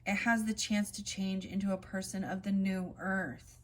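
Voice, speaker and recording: A woman reading oracle cards in a casual spiritual vlog, switching between slow, gentle card readings and rambling chatty asides. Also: mid-range voice, fairly even intonation. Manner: reads card meanings in a soft, slow cadence.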